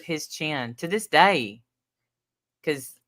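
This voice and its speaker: A woman in her fifties co-hosts a casual chat, frank and wry as she tells family stories. Her voice is very low for a woman yet bright and forceful, and it is recorded dry and close. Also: lively intonation, drawn-out words, no echo. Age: 50s.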